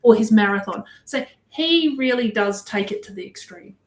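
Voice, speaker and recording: A woman on a podcast in casual chat, hesitant with many pauses and ums. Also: a little high, animated, noisy background. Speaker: podcast guest. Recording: roomy echo.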